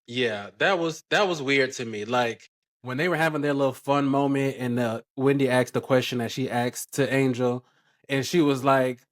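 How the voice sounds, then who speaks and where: A man's voice: medium pitch, moderate pace, a bit bright. A man co-hosting a recap show in a laid-back, casual way, quoting the cast as he talks. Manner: laid-back, many fillers, quotes the cast. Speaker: podcast co-host.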